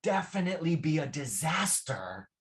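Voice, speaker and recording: A man's voice: fairly high pitch, very animated, moderate pace. Patient man teaching vocabulary. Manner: patient, repeats phrases, asks "right?" often. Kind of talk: classroom vocabulary lesson.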